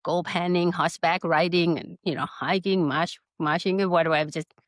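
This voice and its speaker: A middle-aged woman with a Thai accent, a spa business founder telling her story in an interview in lively, broken English. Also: lowish voice, moderate pace, no room sound, studio quality. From Northern Thailand. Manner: animated storytelling with broken English, laughs often.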